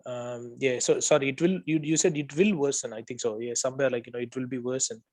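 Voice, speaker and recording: A man's voice: medium pitch, steady tone, quick pace, darkish tone, dry recording. A man tutoring, giving spoken feedback on a student's role play. He corrects mistakes one by one, repeats the right phrase, and keeps checking in with "okay?". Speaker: OET tutor.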